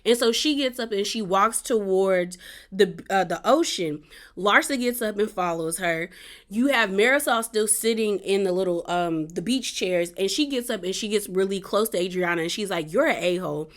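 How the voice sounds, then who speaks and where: A woman's voice: medium pitch, moderate pace, a bit bright. A woman in a casual vlog, recapping a reality show episode in a chatty, conversational way. She leans on "like" and small asides. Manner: chatty, peppered with "like", acts out quotes.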